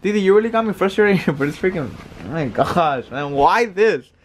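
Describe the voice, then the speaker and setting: Young guy vlogger, high pitch, grumbly and jokey, casual chat. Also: animated, moderate pace, slight background noise. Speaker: vlog co-host. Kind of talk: casual couple vlog chat.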